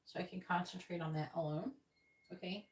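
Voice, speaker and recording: A woman's voice: lowish voice, fairly even intonation, echoey room. Woman psychic reading live to viewers, patient but a little exasperated, recorded a bit off-mic with faint hiss. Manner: talks to viewers, repeats and spells out signs, letters and numbers slowly. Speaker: psychic reader on a live stream. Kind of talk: live-stream card reading. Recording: slightly distant mic with faint noise.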